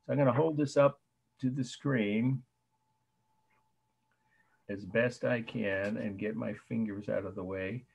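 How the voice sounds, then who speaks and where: A man lecturing on art history over a video call, slowly spelling out terms and repeating key points. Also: on the low side, fairly even intonation, vocal fry, a little mellow, husky. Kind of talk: online lecture.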